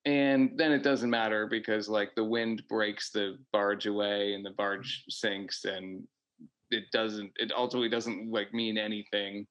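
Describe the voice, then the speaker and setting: A man's voice: lowish voice, steady tone, normal speed, a bit bright. A man co-hosting a podcast, chatting casually about a film, rambling with lots of fillers and restarts. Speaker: podcast co-host. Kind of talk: casual movie review chat.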